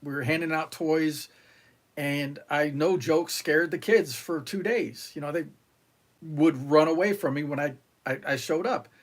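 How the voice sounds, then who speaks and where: A middle-aged man from New York, a retired Marine, talks as a guest on a podcast, and his voice sits a little high for a man. He tells long stories in a rambling way, full of fillers and restarts, and he acts out the lines of the people in them. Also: measured pace. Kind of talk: casual interview storytelling.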